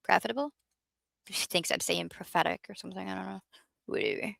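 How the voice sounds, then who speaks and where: A woman's voice: on the low side, sing-song, fairly quick, creaky, fairly bright tone, no echo. A woman hosting a casual livestream, chatting with viewers in a rambling, self-mocking way. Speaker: livestream host.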